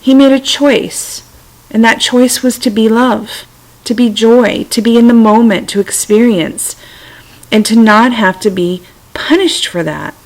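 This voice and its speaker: A middle-aged woman talking gently and reflectively to her computer's webcam at home, with self-amused asides. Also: fairly high pitch, a little slow, rough recording. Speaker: vlogger sharing personal stories. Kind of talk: casual spiritual talk to camera. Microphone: computer webcam mic.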